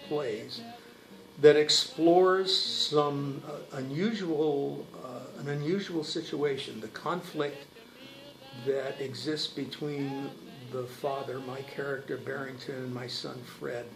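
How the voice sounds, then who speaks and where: A man's voice: mid-range voice, fairly even intonation, slow, creaky, reverberant, crowd noise, low-quality recording. A man, a stage actor, speaking thoughtfully about his role in an interview, with frequent hesitations. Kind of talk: promotional interview.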